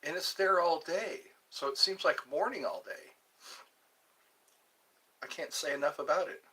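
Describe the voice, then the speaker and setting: A man chats on his own vlog in a loose, meandering way, hopping from one passing thought to another. His delivery is slow and unhurried, with a bouncy, sing-song pitch that rises and falls a lot. He sounds a little distant, as if sitting back from the microphone. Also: animated, sharp tone. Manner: rambling, musing aloud, drifts between topics. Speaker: channel host. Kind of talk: casual solo vlog chat. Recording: voice a bit far from the mic.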